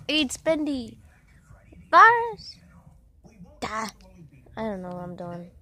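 A woman's voice: medium pitch, lively intonation, moderate pace. A woman rambling and joking in a scattered, silly way while making a casual video. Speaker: video maker. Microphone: headphones on, yelling at times. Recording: noisy hiss behind voice.

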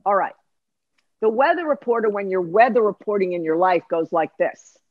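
A middle-aged woman, an executive life coach, explaining ideas in an emphatic, lively way on a podcast. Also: mid-range voice, moderate pace, no echo, narrow, tinny audio. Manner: emphatic, lively, acts out voices. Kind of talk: animated teaching in conversation.

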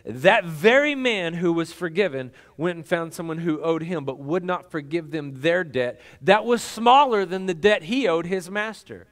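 A man's voice: a little high, animated, moderate pace, hardly any pauses. A middle-aged male pastor preaching a sermon in a conversational, folksy way, with lots of fillers and restarts.

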